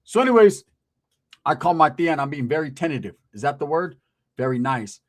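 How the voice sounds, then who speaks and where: A man with a high-pitched voice tells a stand-up story with profane, animated energy. His delivery stays chatty and loose. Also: fairly quick. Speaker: stand-up comedian.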